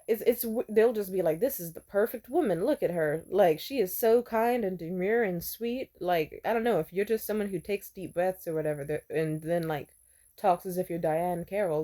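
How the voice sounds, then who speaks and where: This is a candid storytelling monologue from a young woman vlogger whose voice is on the low side and warm. She's blunt and swears freely, parodying others' voices as she quotes them.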